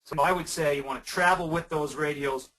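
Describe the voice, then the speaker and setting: A man's voice: a little high, steady tone, fairly quick, a bit bright, recorded from a distance, rough recording. A man presenting a webinar on weather safety for camps, answering audience questions in a conversational, emphatic way with frequent restarts.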